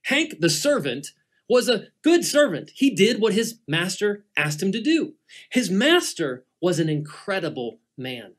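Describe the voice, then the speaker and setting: A middle-aged man, a guest teacher, telling a Bible story to children dramatically and dropping to hushed tones for suspense. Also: sits high, very animated, measured pace.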